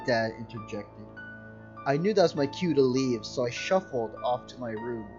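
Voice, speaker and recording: Brief: casual story reader, very animated pitch, faint music underneath, slightly muffled. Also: normal speed. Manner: giggly, interrupts himself to joke. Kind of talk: casual comedic story reading.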